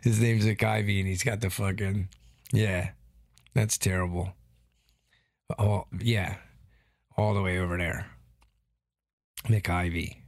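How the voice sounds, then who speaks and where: A man co-hosting a casual chat, telling stories in a loose, profane, animated way. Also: deep voice, slow, gravelly, pauses often, no room sound, studio quality. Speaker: podcast co-host.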